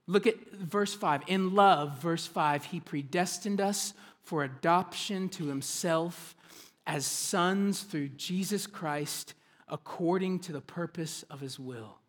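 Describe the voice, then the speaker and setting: A man preaching a sermon as a pastor, swinging between hushed, intimate asides and loud, excited preaching. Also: a little high, slow pace.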